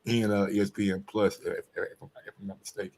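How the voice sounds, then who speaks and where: A man's voice: fairly low pitch, level tone, fast, a little mellow. Male sports host, loose slangy boxing banter, stumbles and repeats words. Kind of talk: casual boxing chat.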